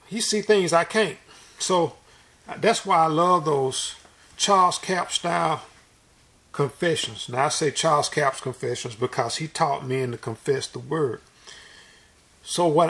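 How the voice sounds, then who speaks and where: A man's voice: high voice, vocal fry, a bit bright. A man preaching a sermon in an earnest, folksy, repetitive way, restarting his phrases often.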